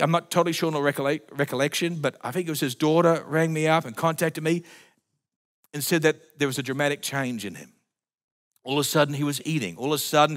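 Male pastor, lively sermon storyteller, plays out dialogue, voice a touch high. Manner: animated storyteller acting out conversations. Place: church.

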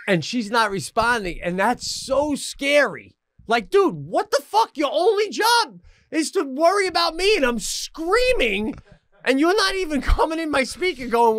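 A man co-hosting a podcast in casual chat, telling animated stories with shouted acted-out bits. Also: very high voice, unhurried, dry recording. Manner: laughs often mid-story. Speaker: podcast co-host.

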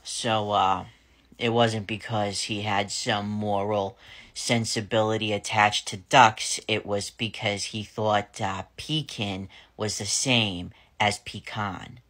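A man's voice: fairly low pitch, fairly even intonation, takes it slowly, a bit bright. A man telling a funny family story to camera in a chatty, self-mocking way, laughing and swearing casually as he goes.

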